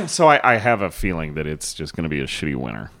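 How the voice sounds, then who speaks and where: A man's voice: rumbling low, huge pitch swings, quick pace, bright, forceful tone. A man co-hosting a podcast in casual, rambling chat with plenty of swearing. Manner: laid-back, swearing, rambling. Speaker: podcast co-host.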